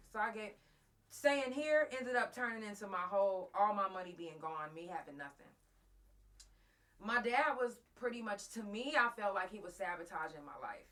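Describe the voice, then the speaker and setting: A woman's voice: mid-range voice, fairly bright tone. A woman hosting a live talk show, telling a raw, profane personal story straight to her listeners while close to tears. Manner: raw, profane, emotional, addresses listeners directly. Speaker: host.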